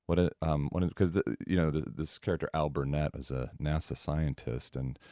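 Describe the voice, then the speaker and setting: A middle-aged man, a guest actor, chatting casually in an interview and rambling with many pauses and fillers. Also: rumbling low, mellow, dry recording, clean studio sound. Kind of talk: casual radio interview chat.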